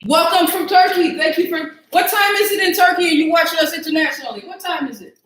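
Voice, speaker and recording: A woman's voice: very high voice, fast talker, fairly bright tone, echoey room, slight background noise. A woman hosting a casual live cooking stream, chatty and self-mocking as she talks to her viewers from a home kitchen. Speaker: cooking show host.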